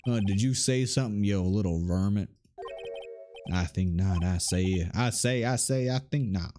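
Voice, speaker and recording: A man's voice: fairly low pitch, normal speed, mellow, soft background music, close to an everyday voice. A man voicing a pompous, evasive older lawyer in a game, with a put-on Southern country drawl. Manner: pompous, drawling, stammering repetition.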